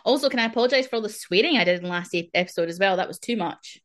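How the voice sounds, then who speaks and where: A woman's voice: mid-range voice, lively intonation, very fast. A woman co-hosts a casual podcast. She talks in a chatty, rambling, apologetic way and drops in local slang. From Scotland. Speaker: podcast co-host. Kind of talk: casual chat.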